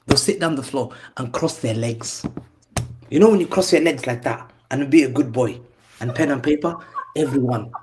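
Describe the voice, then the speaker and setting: A man's voice: medium pitch, moderate pace, background noise. A man on a football panel, mocking his rivals with repetitive taunts in heated banter.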